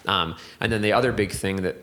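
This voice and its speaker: A man with a somewhat low voice talks through his craft in a relaxed podcast interview. He thinks aloud as he goes, restarting sentences and leaning on fillers. Now and then he drifts into a reflective, poetic way of putting things. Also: fairly quick. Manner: thoughtful, rambling, many restarts and fillers. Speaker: whiskey distiller and blender.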